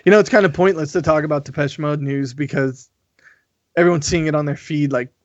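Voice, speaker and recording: An American man hosting a podcast in casual chat, chatty and quick to laugh, with many restarts. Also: a little high, no echo, lo-fi sound. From United States. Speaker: podcast host.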